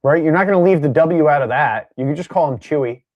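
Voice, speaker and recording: Teasing, halting man in casual chat. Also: on the high side, no room sound, lo-fi sound. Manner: teasing, halting, many fillers. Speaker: co-host. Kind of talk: casual podcast banter.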